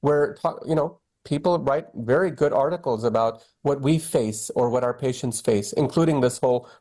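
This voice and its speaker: Man, middle-aged oncologist, frank and animated in an interview. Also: mid-range voice, normal speed. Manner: candid, animated storytelling with quoted dialogue. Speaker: oncologist guest. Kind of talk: conversational interview.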